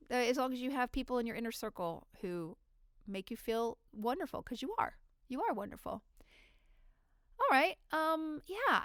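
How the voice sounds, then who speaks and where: A woman's voice: fairly high pitch, clear, resonant tone, dry recording, clean studio sound. A woman hosting her own podcast, chatting freely and at length in a rambling, unedited monologue. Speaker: podcast host. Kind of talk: casual solo monologue.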